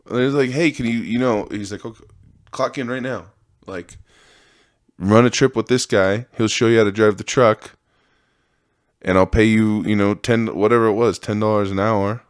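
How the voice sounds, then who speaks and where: A podcast host with a fairly low, steady voice speaks at normal speed in a dry, clean studio recording. In a casual monologue, he tells rambling, profane stories about his old jobs and acts out the people involved.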